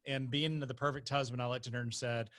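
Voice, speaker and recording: A man from North Carolina talks as a podcast guest, spinning a personal story in a lively way. His voice is bright and clear, pitched in the middle range, and he often laughs as he goes. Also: fast. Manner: animated, laughs while telling stories. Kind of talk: conversational storytelling.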